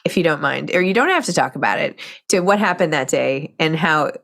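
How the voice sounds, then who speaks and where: A woman with a notably low voice hosts a conversational interview. She frames her questions gently and gives her guest room to answer. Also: lively intonation, brisk, vocal fry. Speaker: interview host.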